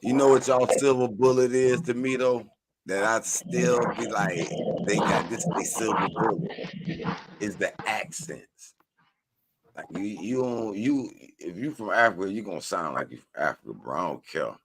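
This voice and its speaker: Deep-voiced man musing in a panel chat. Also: moderate pace, heavy background noise. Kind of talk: casual group discussion.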